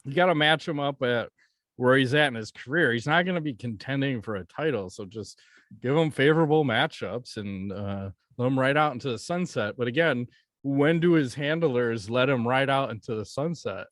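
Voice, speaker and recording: A man's voice: mid-range voice, lively intonation, moderate pace, a bit bright, no echo, clean studio sound. A man co-hosting a podcast in casual chat, talking bluntly with plenty of swearing and jokes. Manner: blunt, profane, joking. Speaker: podcast co-host.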